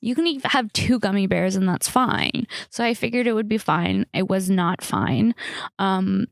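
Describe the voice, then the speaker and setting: A woman's voice: mid-range voice, expressive, unhurried, vocal fry, no room sound, studio quality. A young woman with a Californian accent, hosting a casual solo podcast and telling stories with lots of fillers and restarts. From Los Angeles area, United States. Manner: chatty storytelling with many fillers and restarts. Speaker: comedian podcast host.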